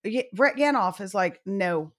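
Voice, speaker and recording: A woman's voice: medium pitch, expressive, brisk, a bit bright. A middle-aged woman co-hosting a podcast, chatting casually with a playful, comic delivery. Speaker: podcast co-host. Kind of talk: casual chat.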